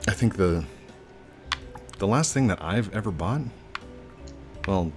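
A man's voice: low-pitched, animated, slow pace, music in the background. A man hosting a gameplay video, chatting casually while he plays, teasing his guest and laughing often. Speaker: gaming video host.

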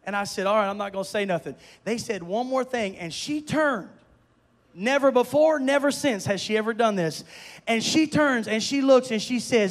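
A male pastor preaching a sermon, telling a story and building to shouted preaching. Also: sits high, normal speed. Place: church sanctuary. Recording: long reverb of a church hall.

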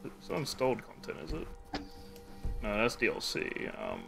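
A man's voice: fairly low pitch, wildly swooping pitch, normal speed, creaky, music in the background. A man streaming a game live, rambling casually, swearing freely and laughing often. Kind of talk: casual gameplay chat.

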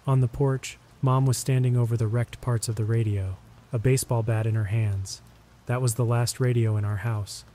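A man reads scripted horror stories in a steady, measured way. His voice is dark and mellow at a middle pitch, and a faint hiss of rain sits under it. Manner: steady, measured storytelling delivery. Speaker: horror story narrator.

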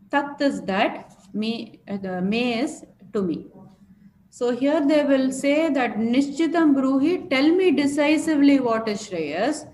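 A woman's voice: sits high, a little mellow. Woman teaching in an echoey room. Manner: explains word by word with many fillers. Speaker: scripture teacher. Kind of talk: explanatory lecture. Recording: echoey room with faint noise.

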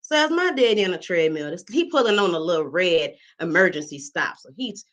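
A woman's voice: lowish voice, fairly quick, low-quality recording. A woman comedian, telling a story on stage, talking to the audience as y'all and acting out the people in it. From South Side of Chicago. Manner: animated, addresses the audience as y'all, acts out characters.

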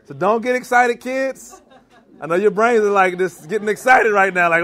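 In a church hall before a live audience, a chef from the Washington DC and Maryland area runs a cooking demo, bantering and quizzing the crowd as he works. His fairly high voice carries a Maryland accent, and his delivery is playful and lively at normal speed, full of call and response.

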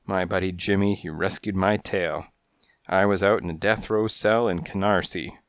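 A man doing Slasher, a raspy gangster cat. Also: low voice, steady tone, moderate pace, no echo, studio quality. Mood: gruff. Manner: streetwise tough-guy slang. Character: tough gangster alley cat, male, menacing. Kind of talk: storybook reading.

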